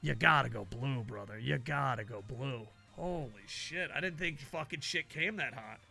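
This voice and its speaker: A man streaming a hockey video game, chatting with his viewers in a loose, profane, excitable way. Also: mid-range voice, normal speed, creaky, soft background music. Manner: profane, excitable banter with chat. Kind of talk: casual live gaming stream chat.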